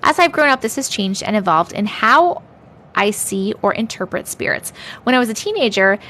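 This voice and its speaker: A woman with a slightly raised pitch hosts a casual livestream. She is playful and chatty, thanking her viewers again and again and slipping in and out of put-on accents as she reads their stories aloud. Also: slight background noise. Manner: thanks viewers warmly and often. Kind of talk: casual livestream chat and story reading.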